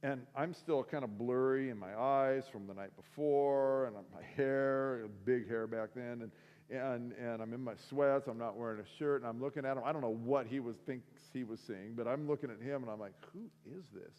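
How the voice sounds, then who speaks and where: A man giving a sermon testimony, telling his story in an animated way and acting out the conversations. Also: mid-range voice, moderate pace, big-room sound, lo-fi sound. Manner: animated storytelling, acts out dialogue. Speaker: guest speaker. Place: school auditorium.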